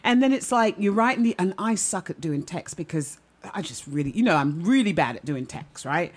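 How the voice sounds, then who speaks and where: A middle-aged woman doing stand-up, telling stories in a chatty, animated way and often asking the audience "right?". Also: on the low side, a little fast. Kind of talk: stand-up storytelling.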